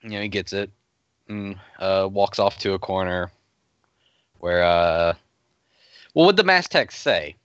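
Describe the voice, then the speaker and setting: A man's voice: deep voice, animated, a little slow, long pauses, fairly bright tone, clear, resonant tone, lo-fi sound. A man playing a tabletop game, hesitant with many fillers. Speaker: player. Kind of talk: casual tabletop play.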